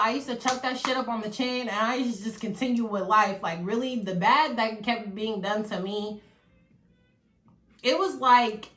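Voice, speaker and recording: A woman in her twenties, a vlogger telling a personal story in a chatty, animated way, swearing freely and talking straight to her viewers. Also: on the high side. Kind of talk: casual storytelling to the camera. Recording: echoey room.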